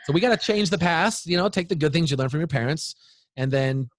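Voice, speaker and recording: A man's voice: a little high, lively intonation, fast, no room sound. A man in his thirties, a guest speaking to parents in an interview, talking with energy and acting out what kids say. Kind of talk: animated interview talk.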